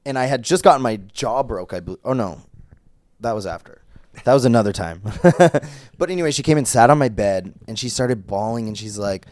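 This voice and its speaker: A man's voice: medium pitch, lively intonation, normal speed, a little mellow, no room sound. Man from Minnesota, candid podcast guest, rambling and laughing, dry sound. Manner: candid, laughing, loose storytelling with fillers. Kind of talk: casual podcast chat.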